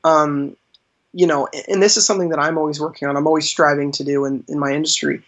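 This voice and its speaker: Speaking at a quick pace, a magician on a podcast recounts stories casually, laughing a lot and leaning on fillers. His voice is on the high side and fairly bright with fairly even intonation, and the audio is dull and lo-fi.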